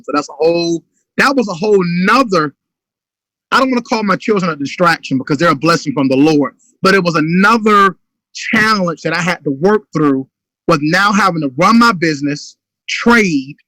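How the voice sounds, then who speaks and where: A man's voice: fairly high pitch, a bit bright, no room sound, rough recording. A man giving a motivational business talk in an urgent, emphatic way, sometimes acting out sales calls. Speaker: motivational speaker.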